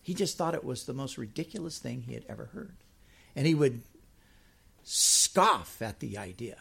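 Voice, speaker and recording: A middle-aged man preaching a sermon, reading scripture slowly and emphatically, then explaining it in a chatty way. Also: mid-range voice, expressive, vocal fry, bright, forceful tone, slightly rough.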